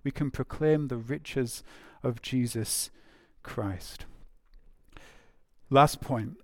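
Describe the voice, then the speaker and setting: A man's voice: medium pitch, extremely slow, dry recording. A man preaching a sermon in a conversational way, repeating phrases for emphasis with frequent fillers.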